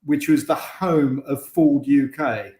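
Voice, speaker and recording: A man's voice: on the high side, slow, dark tone, reverberant. An English man, a former racing driver, chatting as a guest over a video call and often restarting his sentences. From England. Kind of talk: casual interview chat.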